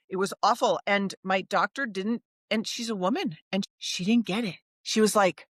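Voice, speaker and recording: A woman's voice: mid-range voice, moderate pace, few pauses, a bit bright, dry recording, clean studio sound. A middle-aged woman, a psychologist guest, telling her story frankly and emphatically in an interview conversation.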